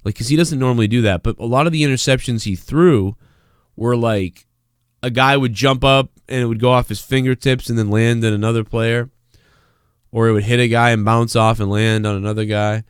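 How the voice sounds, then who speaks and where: A man's voice: mid-range voice, steady tone, a little fast, clean tone, no room sound, studio quality. A man hosting a live stream in casual chat, rambling, swearing freely and reading viewer messages aloud. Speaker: live-stream show host.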